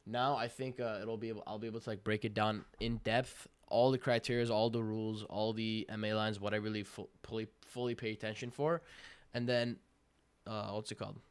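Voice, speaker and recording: A young man giving casual, slangy commentary on a live trading stream, hyped and breaking into loud cheers. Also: on the low side, flat delivery, brisk, clear, resonant tone. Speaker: livestream day trader.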